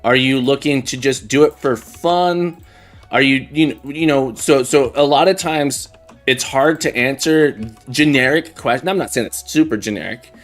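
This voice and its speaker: A man's voice: medium pitch, moderate pace. A man hosting a live coding stream, thinking aloud as he types and chatting with viewers in a self-deprecating way. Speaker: livestream coding host. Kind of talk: casual live-coding chat. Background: faint background music and keyboard typing.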